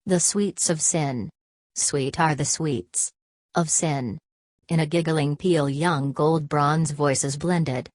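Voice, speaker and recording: A woman reading a literary audiobook in a measured, unhurried way. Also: low-pitched, steady tone, darkish tone, no echo. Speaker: audiobook narrator.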